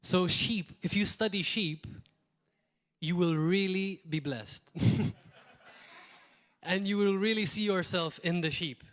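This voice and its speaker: A man preaches a sermon. His voice sits a little high for a man, and he speaks in a plain, conversational way. He repeats key phrases and breaks off for short asides. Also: slow, long pauses, fairly bright tone. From Malta. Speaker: pastor.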